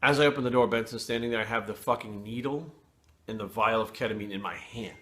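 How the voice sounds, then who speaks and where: Blunt, bright-voiced man telling a story. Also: lowish voice. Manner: blunt and profane, frequent swearing; candid, with pauses and restarts. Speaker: fitness trainer telling a personal story. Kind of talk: casual storytelling to camera.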